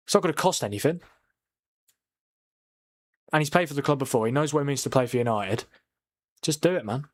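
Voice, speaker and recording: Man, live stream host, casual chat, reacts loudly to penalties. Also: mid-range voice. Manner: chatty, reads and answers viewer comments; excitable reacting to match incidents. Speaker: watchalong streamer. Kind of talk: live football watchalong chat.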